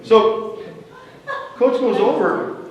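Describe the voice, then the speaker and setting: High-voiced older man telling roast stories. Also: very slow, crowd noise. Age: 60s. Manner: storyteller building to punchlines. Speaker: former wrestler giving a roast speech. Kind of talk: anecdotal roast speech. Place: event venue hall. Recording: echoey hall, distant mic, faint noise.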